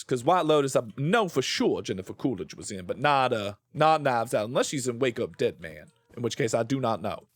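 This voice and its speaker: A man's voice: medium pitch, no echo. A man streaming a game, rambling playfully about shows and swearing freely as he plays. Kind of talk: casual live-stream chat while gaming.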